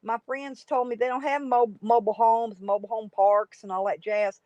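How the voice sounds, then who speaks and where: A woman's voice: on the high side, fairly even intonation, moderate pace, mellow, no echo. Chatty woman on a livestream. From United States. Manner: rambling, chatty, greets viewers by name. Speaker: livestream host. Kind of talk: casual live chat reading comments. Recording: dry, dull lo-fi stream audio.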